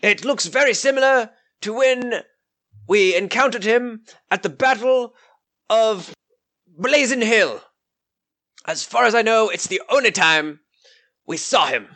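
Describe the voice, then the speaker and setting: A man voicing a dutiful armored knight with a gruff voice. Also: sits high, animated, measured pace, long pauses, pushed and bright, pitched above the performer's own voice, heavily acted. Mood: respectful. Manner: stiff, respectful soldierly reporting.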